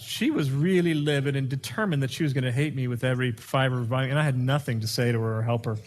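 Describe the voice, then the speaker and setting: A man giving a teaching talk on communication skills, an animated storyteller who acts out dialogue. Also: mid-range voice, fast, hardly any pauses. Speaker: speaker teaching communication skills to youth workers.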